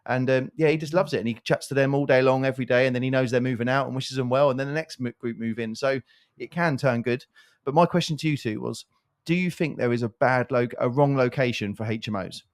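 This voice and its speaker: Fast-talking man in casual chat. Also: medium pitch. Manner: rapid rambling delivery with asides. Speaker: podcast co-host, property developer.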